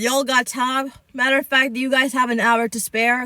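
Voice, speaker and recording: A woman's voice: a little high, flat delivery, pushed and bright, no room sound. A young woman hosting a casual podcast, reading online posts aloud and breaking in with sassy, scolding asides. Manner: sassy and chatty, scolding asides, drawn-out words. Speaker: podcast host reacting to online stories.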